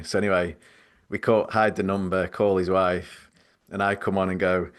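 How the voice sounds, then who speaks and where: A man's voice: low voice, flat delivery, normal speed. A man hosting a podcast, telling stories in a rambling, self-deprecating way and laughing easily. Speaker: podcast host. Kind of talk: casual storytelling chat.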